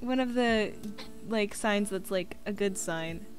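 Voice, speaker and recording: A woman's voice: mid-range voice, slow, soft background music. A woman streaming a game, chatting casually and giggly, thinking aloud as she plays. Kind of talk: casual gaming stream chat.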